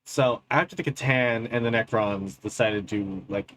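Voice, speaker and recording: A man's voice: fairly low pitch, measured pace, fairly bright tone. A man hosting a reaction video, retelling lore in a rambling, crude, jokey way. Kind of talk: casual reaction commentary.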